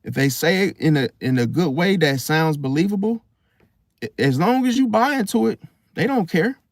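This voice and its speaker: A man with a fairly high pitch talks animatedly at a normal speed, delivering a casual, preachy take on astrology loaded with slang, casual swearing, and rhetorical "See?" questions. The blunt vlogger is captured at studio quality with no echo.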